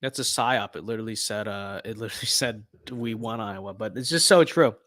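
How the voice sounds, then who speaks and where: A young man streaming a game and commenting casually, hyped, jokey and boastful, often shouting with excitement. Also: fairly low pitch, brisk. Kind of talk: casual gaming livestream commentary.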